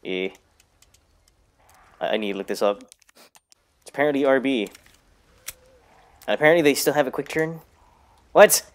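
A man in his own voice talks through a horror game, half under his breath, swearing and joking at the screen. His pitch sits at an ordinary middle, and it jumps sharply when something startles him. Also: expressive, normal speed, pauses often. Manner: mutters quietly, bursts into loud startled shouts; profane, jokey self-talk to the game. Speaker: gaming YouTuber. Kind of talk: casual let's-play commentary.

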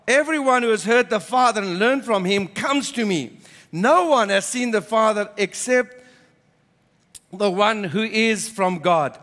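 A pastor in a church preaches a sermon, reading scripture aloud and then explaining it with emphatic repetition. His voice sits high and a bit bright, trailing a long reverb tail.

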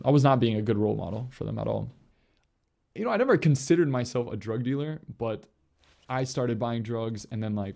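A young man, a priest, telling his conversion story in an earnest, halting way with many fillers. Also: mid-range voice, gravelly, mellow. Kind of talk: personal testimony.

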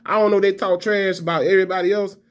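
A man's voice: sits high, flat delivery, fast. A man giving a fired-up, profane fan rant to camera. He trash-talks and repeats himself. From Alabama fan. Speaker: college football vlogger.

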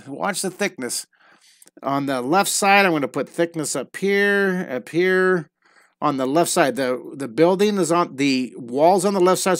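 A man's voice: a little high, dry recording, clean studio sound. A man teaching a live online drawing lesson, chatting playfully and telling silly stories as he draws. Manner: playful, storytelling while drawing.

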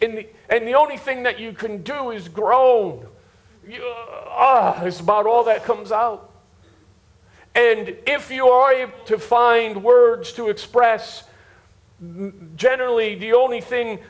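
In church before a live congregation, a pastor with a high voice delivers an unhurried sermon, repeating words to hammer home each point. He addresses the congregation directly, asking whether they're following along.

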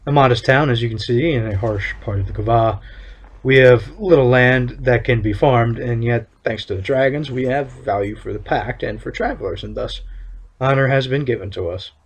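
In a husky, mid-range voice, a man plays a stern town overseer in a fantasy game, delivering his lines formally and with measured care.

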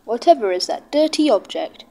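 A woman's voice: on the high side, big pitch swings, moderate pace, dark tone. A woman voicing a small, innocent, polite male tram engine.

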